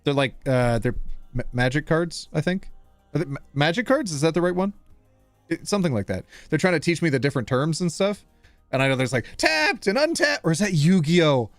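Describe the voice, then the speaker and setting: A man's voice: fairly high pitch, brisk, no echo, faint music behind. A man streaming live, chatting casually with his audience in a playful, teasing way. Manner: playful, animated, teasing, reading chat aloud.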